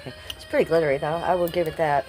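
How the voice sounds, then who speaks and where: A woman on a casual live stream from her home, rambling excitedly to her viewers and swearing freely. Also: sits low, rapid-fire, over music. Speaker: livestreamer. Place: at home by a window.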